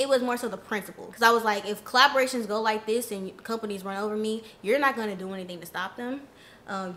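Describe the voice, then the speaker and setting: A young woman telling a storytime vlog, ranting in an animated, indignant way. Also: on the high side. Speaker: influencer vlogger.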